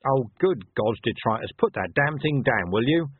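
A weary male watch commander speaks in clipped, gruff bursts with a lively pitch, as a man plays him. The voice is husky and the sound is thin and dry like a phone line. He is blunt and awkward with feelings. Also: moderate pace, dry recording.

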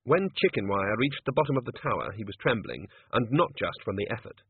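A man's voice: fairly low pitch, big pitch swings, fairly quick, husky, no echo. A man narrating a comic fantasy story in a dry, wry manner. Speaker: audiobook narrator. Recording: phone-like lo-fi recording.

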